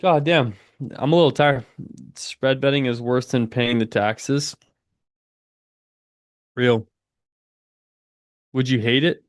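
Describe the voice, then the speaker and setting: Relaxed and slangy, a twenty-something day-trading streamer keeps saying "dude" while chatting with his audience and commenting on the market live. He talks slowly in a steady, medium-pitched voice with long pauses, and the studio recording is dry and clean.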